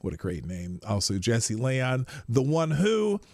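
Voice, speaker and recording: A man's voice: mid-range voice, very animated, a little slow, darkish tone, dry recording, clean studio sound. A man hosting a casual live stream, rambling about his day and greeting viewers by name. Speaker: livestream host.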